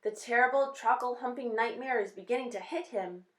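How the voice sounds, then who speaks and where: A woman voicing a gentle, big male giant who speaks quietly in quaint broken grammar, in a storybook reading. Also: a little high, a little fast, close to an everyday voice. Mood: hushed. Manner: hushed, whispering, quaint ungrammatical speech. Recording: roomy echo.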